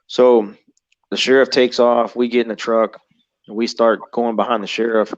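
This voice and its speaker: A man's voice: medium pitch, little pitch movement, normal speed, no room sound. A man in his thirties, a guest telling an encounter story in a rambling, profane way and acting out other people's lines. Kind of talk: casual storytelling. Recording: dull, muffled audio.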